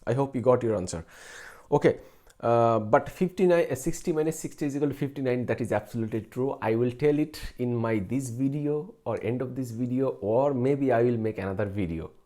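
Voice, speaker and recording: A man's voice: mid-range voice, fairly quick, mellow. A man in his late twenties hosting a live stream about math, answering viewers casually and hesitantly, with many fillers, restarts and chuckles. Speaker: math channel host.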